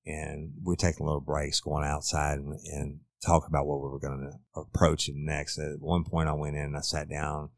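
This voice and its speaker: A man's voice: rumbling low, flat delivery, normal speed, vocal fry, few pauses, no room sound. A middle-aged man, a former detective, bluntly retelling a crime case in a casual, profane way. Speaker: former detective, podcast host. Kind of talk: true crime storytelling.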